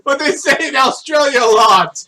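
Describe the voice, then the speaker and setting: Ein junger Mann kommentiert beschwipst ein Spiel, macht Witze, lacht viel und äfft Akzente nach. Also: male voice, extremely high pitch, fairly quick, noisy background. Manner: joking, laughing, mock accents. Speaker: let's play co-host. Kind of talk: tipsy casual commentary.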